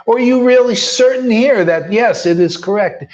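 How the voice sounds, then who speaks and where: A man's voice: very high-pitched, moderate pace, a little mellow. Combative slangy male preacher, dull lo-fi sound. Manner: combative, rhetorical questions, slangy "man". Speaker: spiritual teacher. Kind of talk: informal preaching. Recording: dull lo-fi recording.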